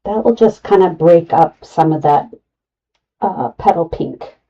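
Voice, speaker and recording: A woman's voice: on the low side, animated, unhurried, dark tone, distant mic, dull audio. A middle-aged woman running a live craft tutorial, chatty and talking herself through each cut. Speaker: craft demonstrator.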